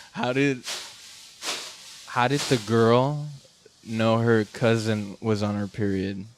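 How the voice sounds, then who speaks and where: A male comedian with a somewhat low voice trades jokes in casual banter, halting and giggling. Faint noise sits under his voice. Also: flat delivery. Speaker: comedian guest.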